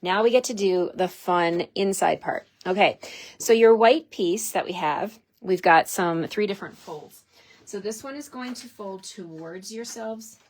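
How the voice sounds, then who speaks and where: A Canadian woman with a medium-pitched voice leads a card-making tutorial at a measured pace. Chatty and enthusiastic, she talks her viewers through each step, calling them "you guys".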